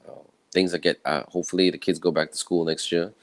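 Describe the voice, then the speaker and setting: A man from Malaysia with a croaky, tired voice, giving an earnest, rambling personal talk from home. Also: sits low, level tone, fast, no echo, rough recording. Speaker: event speaker. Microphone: own camera and microphone setup.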